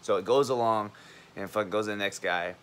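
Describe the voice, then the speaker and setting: A young man with a lowish voice vents to his camera in a heated, rambling rant that is full of swearing. He talks like an army veteran getting things off his chest. A faint hum sits under the recording. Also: brisk, fairly bright tone. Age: young adult.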